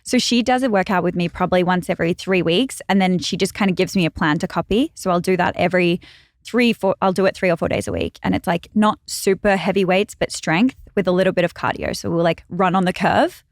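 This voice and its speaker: A young Australian woman chatting as a podcast guest, telling stories with quick asides. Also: fairly low pitch, no room sound, studio quality. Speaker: guest, brand founder. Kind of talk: casual chat. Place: podcast studio.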